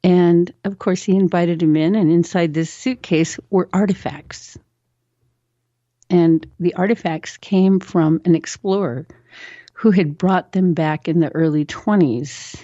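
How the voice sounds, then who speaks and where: A woman guest tells a personal story on a talk show, slipping into other people's voices as she goes. Her voice is low and mellow and sits dry and close. The recording is slightly dull and lo-fi. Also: a little slow, no room sound. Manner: animated storyteller who acts out quoted voices. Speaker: interview guest. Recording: dull, lo-fi sound.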